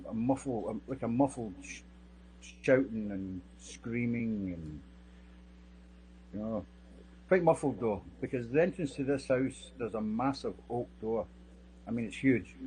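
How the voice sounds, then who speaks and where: A middle-aged man, a security guard giving witness testimony in a voice of ordinary pitch. He tells his account haltingly, repeating words and restarting phrases. A faint hum sits under the recording. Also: a little mellow, poor audio. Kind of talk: sworn witness testimony, recounting events.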